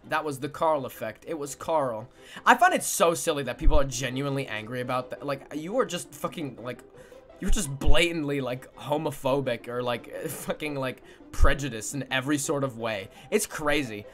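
A sleep-deprived man from Canada, chatting with his livestream viewers in an excitable, swearing way with sudden yelps. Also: medium pitch, moderate pace, faint music behind. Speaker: streamer. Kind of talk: livestream chat reading viewer messages.

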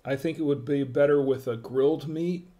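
A man's voice: on the high side, normal speed, warm tone. A middle-aged man hosting a casual live-stream wine tasting, chatting with viewers in the chat and greeting them by name.

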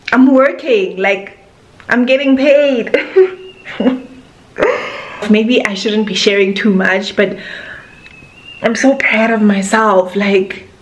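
A woman in her twenties with a South African accent, talking to camera in a casual vlog, gushing and emotional with many fillers. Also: mid-range voice. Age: 20s. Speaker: vlogger.

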